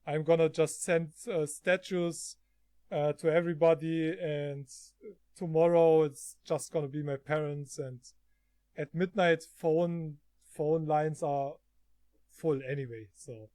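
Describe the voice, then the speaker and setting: A man streaming from home, chatting casually, often halting and laughing. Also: a little high, fairly even intonation, a little mellow, clean tone, no room sound, studio quality.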